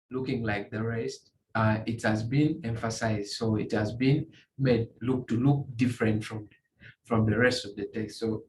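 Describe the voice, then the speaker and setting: A man teaching a beginner's coding tutorial, walking through screen examples in a halting way, often repeating and restarting phrases. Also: fairly low pitch. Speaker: tutorial instructor. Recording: echoey room, faint ambient noise.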